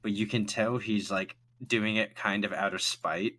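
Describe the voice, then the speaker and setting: A man's voice: lowish voice, steady tone, moderate pace, sharp tone. A man narrating as game master of a tabletop game, loose and rambling with many restarts.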